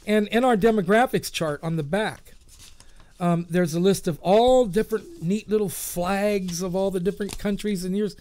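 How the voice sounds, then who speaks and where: A man co-hosting a casual internet radio chat, joking and spinning stories with quick asides. His voice sits high and the sound is dry and close. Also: darkish tone, dry recording. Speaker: radio show co-host.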